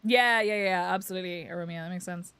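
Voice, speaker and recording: Streaming a game, a young Northern Irish woman chats casually, laughing a lot and cursing lightly in her Northern Irish accent. She's a fast talker with a fairly low, slightly bright voice and a clean tone.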